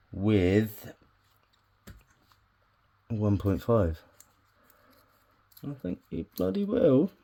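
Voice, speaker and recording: Chatty guy, husky low-key tone, swears a lot, mutters to himself while he works. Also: dark tone. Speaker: bonsai hobbyist vlogger. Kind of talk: casual chat while working.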